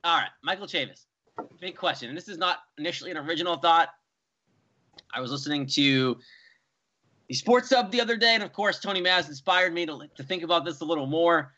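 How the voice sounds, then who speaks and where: A young man, co-hosting a casual sports chat, animated and rambling. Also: fairly high pitch, a little fast. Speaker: co-host. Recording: dull lo-fi sound.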